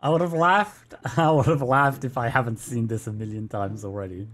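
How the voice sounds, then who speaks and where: A man hosting a meme reaction video, excitable, often laughing and shouting. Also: medium pitch, moderate pace, soft background music. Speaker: YouTuber host.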